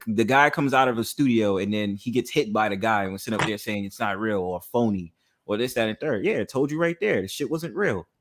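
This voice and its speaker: A man's voice: mid-range voice, fairly bright tone. A man in casual podcast chat who rambles, agrees readily and laughs often, with many ums. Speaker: podcast co-host.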